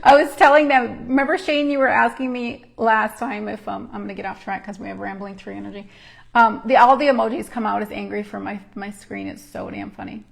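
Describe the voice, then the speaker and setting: A woman's voice: medium pitch, animated, a little fast, creaky. A woman hosting a live stream as a numerologist and intuitive counselor, chatting casually with viewers, laughing often and rambling into asides. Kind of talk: casual livestream chat to viewers.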